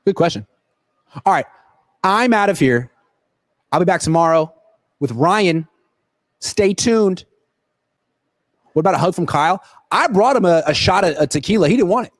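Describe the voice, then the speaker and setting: Host, male, fairly high voice, swings up and down a lot, jokey rambling livestream chat. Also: moderate pace, long pauses, dry recording. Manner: joking, rambling, animated. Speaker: sports reporter and host. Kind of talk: casual livestream chat answering viewer questions. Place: at a football stadium. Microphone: laptop built-in camera mic.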